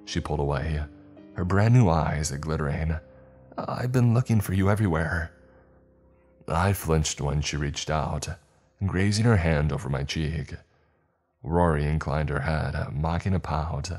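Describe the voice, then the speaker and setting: Man narrating creepy story, super deep voice, slow and ominous, faint music behind. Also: darkish tone. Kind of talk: scripted horror narration.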